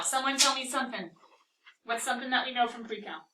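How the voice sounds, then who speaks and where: A woman teaching a calculus class, talking through a problem and firing quick questions at her students. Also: fairly high pitch, sharp tone, recorded from a distance, slight background noise, rough recording. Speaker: math teacher.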